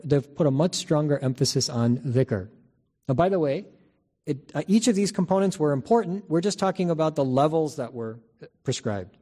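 A man giving a spiritual lecture in a measured, teaching manner, often repeating key phrases and restarting sentences. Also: on the high side, warm tone. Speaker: religious teacher.

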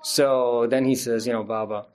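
A man's voice: mid-range voice, steady tone, moderate pace, a little mellow. A middle-aged man giving an informal Friday sermon as an imam, chatty and laughing often at himself. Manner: chatty, laughs often, self-deprecating asides.

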